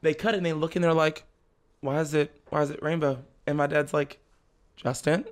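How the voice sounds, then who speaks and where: A young man, a guest on a podcast, telling a personal story in casual chat, animated and laughing often. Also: fairly high pitch, brisk. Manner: animated, laughs often, slips into the voices of family members.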